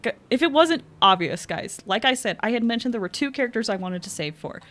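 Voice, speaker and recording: Bubbly woman streamer, squealy and giggly, bright voice, somewhat high, game music behind. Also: lively intonation, fast. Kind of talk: live gaming commentary.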